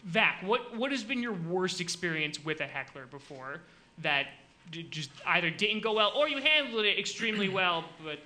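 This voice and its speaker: A man hosting a comedy podcast, telling animated stories in casual chat with many filler likes. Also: high voice, normal speed. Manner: animated storytelling, frequent likes.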